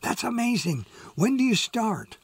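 A man's voice: extremely high pitch, very animated, measured pace, slightly rough, dry recording, voice pushed up, full character voice. A man reading an audiobook, voicing an eager, upbeat young man talking to his fiancée on the phone.

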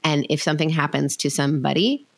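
A woman's voice: deep voice, fast, creaky. A woman hosting a parenting podcast, talking thoughtfully and sometimes searching for words. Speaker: podcast host. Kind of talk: conversational parenting discussion.

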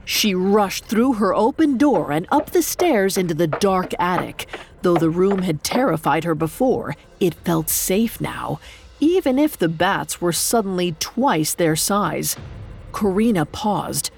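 Lady reading a spooky myth, slow and gravelly, lowish voice. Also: sing-song, darkish tone, slight background noise. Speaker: storyteller. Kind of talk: scripted narration.

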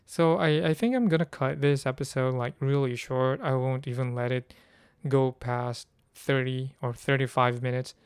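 Man, podcast host, rambling casual monologue, mid-pitched voice, dry recording. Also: normal speed, clear, resonant tone, no room sound. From Philippines. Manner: rambling, thinking aloud with many fillers. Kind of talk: casual solo podcast talk.

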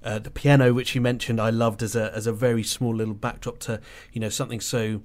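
A man on a podcast panel talking over a novel, halting and restarting often as he thinks aloud. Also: lowish voice, level tone, a little mellow. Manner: halting, with many restarts and fillers. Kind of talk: casual book club discussion.

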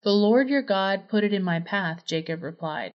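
A woman reading a Bible passage aloud with a steady, even storytelling delivery. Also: mid-range voice, moderate pace, dull audio. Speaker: scripture reader. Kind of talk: scripture reading.

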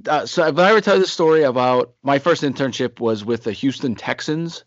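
A man in his forties co-hosting a podcast, spinning a rambling anecdote in a relaxed, chatty way. The audio is dry and a little dull. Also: mid-range voice, a little fast, no echo. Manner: rambling anecdotal storyteller, acts out quotes. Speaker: podcast co-host. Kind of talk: casual storytelling chat.

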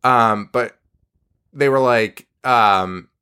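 A man's voice: mid-range voice, very slow, clear, resonant tone. A man in his thirties co-hosting a podcast, talking casually, swearing and laughing a lot. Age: 30s. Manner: animated, swearing, laughing often. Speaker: podcast co-host. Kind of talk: casual chat.

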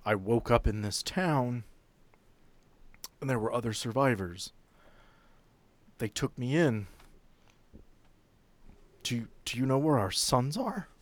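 A man voicing a grieving woman back from the dead, speaking softly in a tearful, pleading way. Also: medium pitch, expressive, slow pace, long pauses. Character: grieving woman returned from the dead, a hunter's wife.

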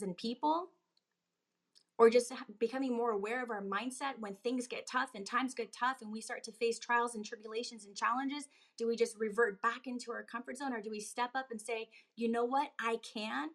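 A woman fitness coach giving an emphatic motivational talk on a live stream, building to urgent, pressing delivery. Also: fairly bright tone. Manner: emphatic, rising to pitched urgency. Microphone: phone on a live video.

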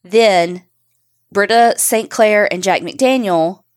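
A woman's voice: mid-range voice, slow. A woman co-hosting a podcast, bluntly recounting a true crime case and swearing. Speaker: podcast co-host.

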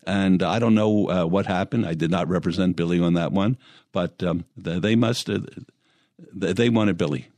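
An older man, a guest in an interview, telling long anecdotes and pausing often on fillers and restarts. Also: low voice, darkish tone, no room sound. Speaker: interview guest, former lawyer and mayor. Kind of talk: storytelling in conversation.

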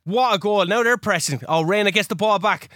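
A man co-hosting a podcast, giving excited, sweary play-by-play of his own video game match. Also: sits high, fairly quick, dry recording, clean studio sound. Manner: shouty, swearing, jokey play-by-play. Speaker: podcast co-host. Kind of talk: excited live game commentary.

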